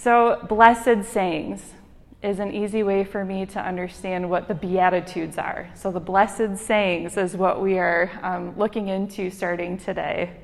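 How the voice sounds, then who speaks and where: A woman's voice: medium pitch, creaky. A young woman with a Michigan accent, a hospital chaplain giving an informal, chatty sermon with frequent ums and a self-deprecating manner. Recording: long hall reverb.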